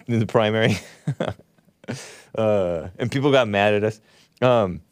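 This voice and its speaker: A man hosting a talk show, reacting to news clips with sarcastic, mocking commentary and sudden loud outbursts. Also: mid-range voice, clean tone, dry recording, studio quality.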